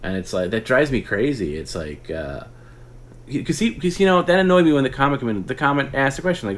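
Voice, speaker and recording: A man hosting a casual late-night stream, rambling, often laughing and breaking into hushed imitations of others. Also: on the low side, sing-song, a little fast. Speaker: podcast host.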